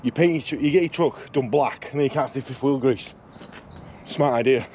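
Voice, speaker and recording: A man's voice: mid-range voice, fairly quick, highs cut off, heavy background noise. A man with a Yorkshire accent, a truck driver vlogging from his cab, ranting and swearing in comic exasperation. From Yorkshire, England. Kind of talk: casual vlog.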